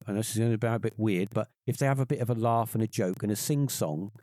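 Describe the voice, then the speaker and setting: A middle-aged man tells a story in a lowish, mellow voice, jumping up in pitch to act out the people in it. The recording is dry and close, with no room sound. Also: fast talker, no echo. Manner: animated, acts out quoted voices in a higher pitch. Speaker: podcast guest. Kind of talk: casual storytelling.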